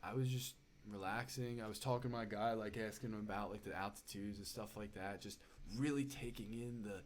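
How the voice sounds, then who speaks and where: A man's voice: lowish voice, steady tone, brisk, slight background noise. A young man on a podcast, telling a story in casual chat, with lots of fillers and "dude", building up as he goes. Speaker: podcast guest.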